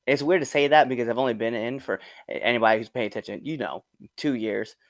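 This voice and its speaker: A man hosting a casual wrestling podcast interview, relaxed and enthusiastic, with lots of fillers. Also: medium pitch, fast, no room sound. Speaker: podcast host.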